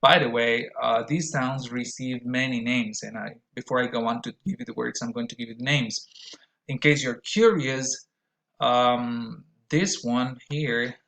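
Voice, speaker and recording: A man teaching an English pronunciation lesson, explaining carefully and modeling words with deliberately exaggerated vowels. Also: medium pitch, vocal fry, fairly bright tone, poor audio. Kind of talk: recorded lesson.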